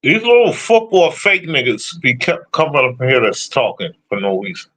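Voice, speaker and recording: Brash streamer guy, bright, lively voice, swears constantly while trash-talking. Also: mid-range voice, normal speed. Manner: profane, blunt, trash-talking. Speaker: streamer answering chat. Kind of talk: casual sports rant.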